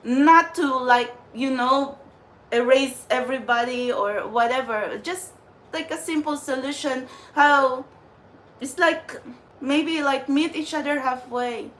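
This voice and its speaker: High-voiced woman on a slow angry rant. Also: fairly bright tone, a little hiss or hum. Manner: ranting with profanity and repeated "like". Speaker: spiritual channeler vlogger. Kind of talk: unscripted angry vlog rant.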